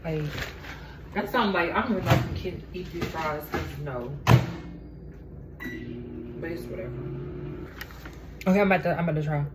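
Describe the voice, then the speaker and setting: A woman's voice: lowish voice, normal speed, pauses often, heavy background noise. A young woman, talking bluntly and swearing freely in a casual vlog rant at home. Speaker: vlogger. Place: indoors at home, poor lighting.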